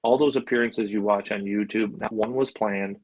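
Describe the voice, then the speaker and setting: With a fairly low, darkish voice and a steady tone at normal speed, a middle-aged animal handler from Buffalo, New York, tells stories as a podcast guest. He's loose and chatty, saying "like" and "you know" a lot and swearing casually. The highs are cut off and there's slight background noise.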